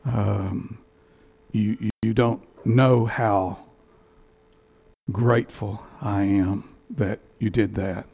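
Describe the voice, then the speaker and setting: Male church elder, sermon storytelling, heartfelt and halting, a bit of fry in the voice, headset mic. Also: lowish voice, fairly even intonation, a little mellow.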